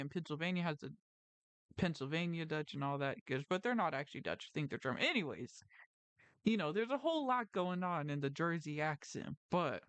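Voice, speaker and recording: A host around thirty chats casually on a livestream, with a rounded, mouthful delivery that blurs some words. They keep drifting into tangents, restarting sentences and leaning on "like" and "you know". The voice is smooth and resonant, recorded dry and close. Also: mid-range voice, fairly bright tone, no room sound. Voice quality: round, mouthful, mumbled articulation. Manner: tangent-prone, self-correcting, frequent "like" and "you know". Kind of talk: casual rambling chat. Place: lives in New Jersey.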